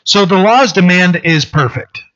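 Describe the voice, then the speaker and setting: A man's voice: sits high, a little slow, a bit bright, dull audio. A man preaching a sermon as a pastor, in a conversational way with frequent restarts and fillers.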